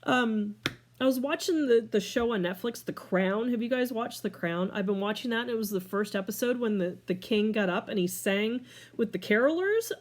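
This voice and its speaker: A woman's voice: expressive, normal speed. A middle-aged woman in a casual talking-to-camera life update from home, rambling and scattered, tearful and emotional, laughing through tears. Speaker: vlogger. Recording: clear background noise, furnace rumble.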